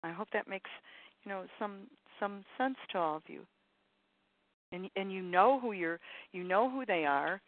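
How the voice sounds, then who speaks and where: Woman, spiritual teacher, encouraging, rambling, call-in talk, phone-line sound, dry, mid pitch. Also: measured pace, dry recording. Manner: repetitive, encouraging, rambling with fillers.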